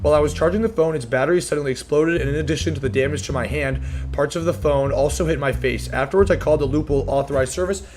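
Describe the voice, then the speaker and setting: A man's voice: quick pace, darkish tone, a little hiss or hum, close to an everyday voice. A man reading an aggrieved male plaintiff. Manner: plain, lower and subdued reading.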